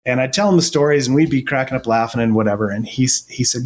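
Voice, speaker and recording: Earnest middle-aged man telling stories. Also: medium pitch. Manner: earnest, halting with restarts. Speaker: firefighter and paramedic guest. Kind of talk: casual storytelling interview.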